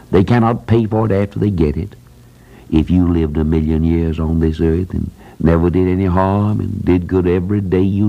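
A man's voice: deep voice, creaky, warm tone, highs cut off. An older man preaching a sermon in a plain folksy way, repeating phrases for emphasis. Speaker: preacher who runs a Christian school.

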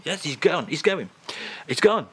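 A man's voice: fairly high pitch, animated, breathy edge. Jokey radio host man. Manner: playful, rambling, jokey patter with quick asides. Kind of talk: comic radio banter.

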